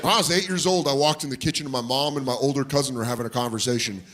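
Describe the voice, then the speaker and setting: A man's voice: mid-range voice, rapid-fire. A man performing stand-up comedy on stage, telling stories and acting out the voices of people in them. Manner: animated, acts out voices of people in his stories. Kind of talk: stand-up storytelling. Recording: live club set with audience noise behind.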